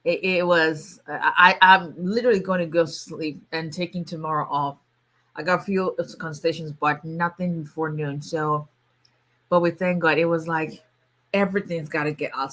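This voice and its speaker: Bright-voiced woman attorney chatting live. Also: low-pitched, steady tone, moderate pace. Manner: chatty, laughs often, frequent restarts. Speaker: immigration attorney hosting a livestream. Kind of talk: casual livestream chat.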